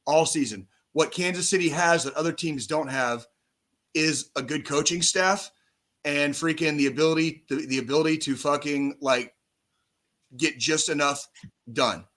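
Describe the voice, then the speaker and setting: A man in his forties, a podcast co-host, talking football in casual chat, profane and animated, on a call mic. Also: fairly high pitch, moderate pace. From United States. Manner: profane, animated sports ranting.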